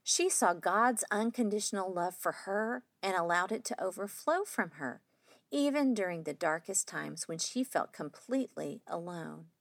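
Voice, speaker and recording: A woman host giving a measured, scripted narration that sums up a guest's story. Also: on the low side, animated, no room sound.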